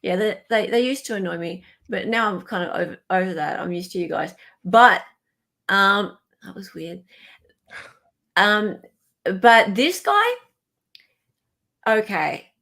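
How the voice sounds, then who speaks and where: A woman with an Australian accent hosting a casual live stream, chatting and joking with quick asides. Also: medium pitch, sing-song, vocal fry, a bit bright. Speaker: livestream host.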